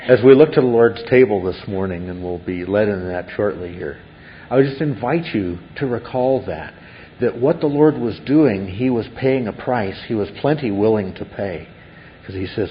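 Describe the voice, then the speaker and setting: A man with a low voice preaching earnestly as a pastor, his tone rising into exclamations of wonder. The recording is dull and lo-fi, with a faint hiss underneath. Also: moderate pace. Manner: earnest, builds to acted gasps of wonder. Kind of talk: sermon.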